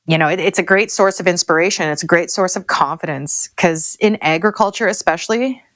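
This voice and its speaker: A woman's voice: lowish voice, a little fast, a bit bright, no echo, studio quality. A woman in her forties with a Canadian accent, a farmer speaking openly and emotionally as a podcast guest. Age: 40s. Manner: emotional, open, repeats herself. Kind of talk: candid interview talk.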